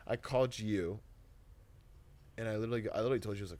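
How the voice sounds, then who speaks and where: A young man, a podcast guest, telling a personal testimony in casual, animated, emotional conversation full of "like" and "dude". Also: fairly low pitch, rapid-fire.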